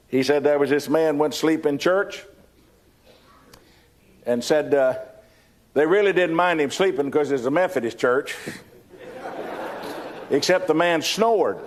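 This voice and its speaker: A man's voice: fairly high pitch, measured pace, pauses often, slight background noise. An older man with a Texan accent, telling a folksy testimony in a sermon, often repeating words as he starts a sentence. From Texas. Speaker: preacher giving a testimony. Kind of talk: storytelling sermon.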